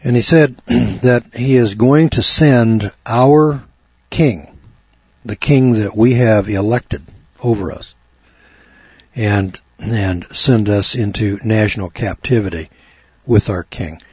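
Fervent male preacher, husky, on a dull dry lo-fi tape. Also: slow, no echo. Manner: fervent, emphatic, repeats words, rising to a high excited pitch. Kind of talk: sermon.

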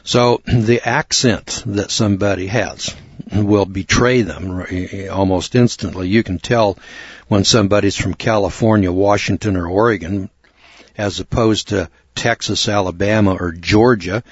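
A man from the United States teaching a Bible lesson in a measured, deliberate way, now and then clearing his throat. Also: lowish voice, steady tone, no echo. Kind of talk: explanatory Bible lecture. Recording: dull, dry recording.

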